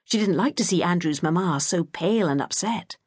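A woman reads a novel aloud in a gentle, measured way. Her voice sits a little low with a husky edge. The recording is dry and close, with no room sound. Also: lively intonation, no echo. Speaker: audiobook narrator. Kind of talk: scripted narration.

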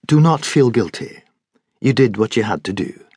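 A man's voice: fairly low pitch, sing-song, normal speed, darkish tone, breathy edge, no echo, full character voice. Brief: authoritative Victorian-style male doctor, voiced by the narrator, clipped, dry recording. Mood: firm. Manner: curt, authoritative. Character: brisk male doctor, firm and commanding.

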